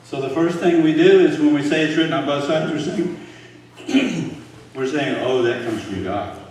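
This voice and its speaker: A man's voice: fairly high pitch, a little slow, a little mellow, a little hiss or hum. An older man giving an informal Bible teaching to a live group, talking conversationally and putting questions to his listeners. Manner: conversational, quizzes the audience with questions. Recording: very echoey room, voice from far off.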